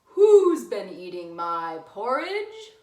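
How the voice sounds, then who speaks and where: A woman voicing a gruff big father bear in a storybook reading, talking loud and booming. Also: huge pitch swings, slow, roomy sound, recorded from a distance.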